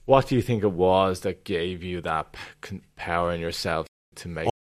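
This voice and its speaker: Deep-voiced podcast host. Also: male voice, moderate pace. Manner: brief prompting questions and quiet affirmations. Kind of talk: conversational interview.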